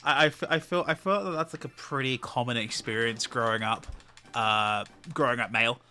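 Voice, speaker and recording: A man talks loosely over a game session, his voice bright and forward. He rambles through stories and laughs easily, sitting at a middle pitch. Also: normal speed. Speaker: co-host. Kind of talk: casual chat while gaming.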